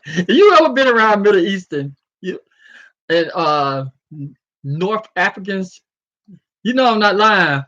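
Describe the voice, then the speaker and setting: A man in a casual vlog, ranting loosely and stumbling over a word now and then, with a voice a little high for a man. The audio is dull and lo-fi. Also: normal speed, pauses often. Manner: animated, freestyling rant with stumbles over words. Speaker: vlogger. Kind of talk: casual commentary and article reading.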